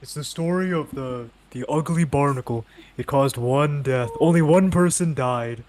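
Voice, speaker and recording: A man's voice: medium pitch, moderate pace, darkish tone, a little hiss or hum, close to an everyday voice. A man reading game dialogue aloud, voicing a sour, mopey lodger with a whiny, nasal cartoon voice.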